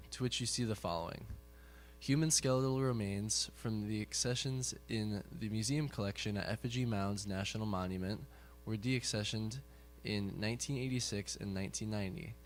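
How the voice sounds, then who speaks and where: A man from the audience reading a prepared text aloud with a steady, careful delivery. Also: on the low side, a little hiss or hum.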